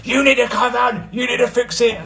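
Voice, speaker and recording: A man voicing an angry, bossy middle-aged woman who shouts orders in a high strained voice. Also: measured pace. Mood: shrill.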